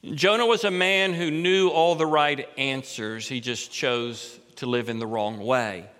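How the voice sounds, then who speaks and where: A middle-aged man preaching a sermon as a pastor, working through a scripture passage and rising sharply in pitch and force to stress key points. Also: steady tone, measured pace, fairly bright tone, clear, resonant tone, in a large hall.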